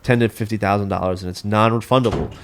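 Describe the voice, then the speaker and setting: Male podcast guest, low and quick, rants with many restarts. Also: steady tone, a little hiss or hum. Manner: ranting, repeats words and restarts. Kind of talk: casual podcast chat. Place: home studio.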